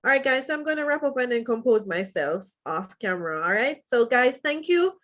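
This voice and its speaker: A woman leads a live online freelancing session, chatting casually and emotionally, laughing softly between phrases and apologizing again and again. Heard through a computer mic on a live video call with the highs cut off, her voice is a little high, animated, a little fast, and fairly bright.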